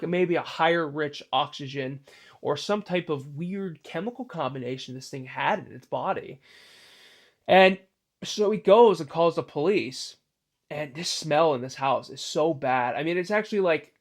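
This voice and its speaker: A man, host of his own channel, telling a creepy story in a loose, rambling way full of fillers and restarts. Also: on the high side. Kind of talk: casual spoken storytelling.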